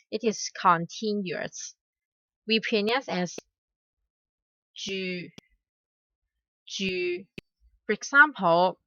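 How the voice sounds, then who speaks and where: Slow, careful woman teaching with bright tone. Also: medium pitch, no echo, muffled recording. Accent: Hong Kong Cantonese. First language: Cantonese. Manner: repeats each word twice, careful and patient. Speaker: language teacher. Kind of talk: slow spoken language lesson.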